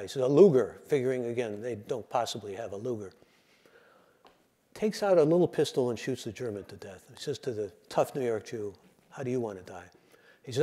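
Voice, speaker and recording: An older man giving a lecture, telling jokes and acting out the voices in them. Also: medium pitch. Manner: animated storyteller, acts out joke voices. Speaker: lecturer and radio host.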